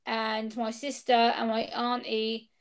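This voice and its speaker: A woman's voice: on the high side, takes it slowly, clean tone. A young woman, the interview guest, telling a personal story in casual chat and acting out the quoted exchanges. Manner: animated, acts out quoted exchanges. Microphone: video call.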